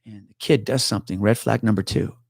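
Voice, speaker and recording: A gravelly, fairly low voice belongs to a middle-aged retired cop who briskly and casually tells a tense interview story. He's animated, swears, and impersonates the people in it, and the studio-quality recording has no echo.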